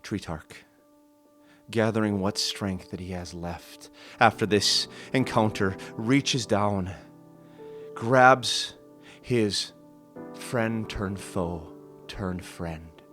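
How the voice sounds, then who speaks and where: A man with a deep voice narrates a solo tabletop role-play session. He tells the story slowly and dramatically. Background music runs beneath his voice. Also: fairly bright tone.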